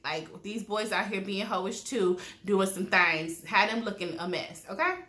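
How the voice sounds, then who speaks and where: Bright-voiced woman, gossipy and profane episode recap, roomy echo. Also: medium pitch, unhurried. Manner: blunt, profane, animated storytelling with quoted asides. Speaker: TV recap vlogger.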